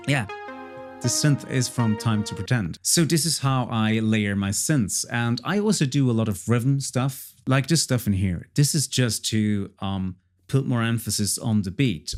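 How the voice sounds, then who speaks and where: A man casually walking through his own song project as a producer, chatty and repeating himself with frequent fillers. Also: mid-range voice. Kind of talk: casual tutorial walkthrough.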